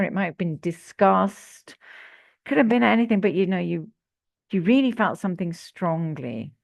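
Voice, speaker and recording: A woman coach leads a workshop, her voice lowish and with a gravelly edge. She talks in an animated way and keeps putting questions to her audience. The sound is close and dry, with no room around it. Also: dry recording, highs cut off. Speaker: executive coach. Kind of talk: interactive workshop talk.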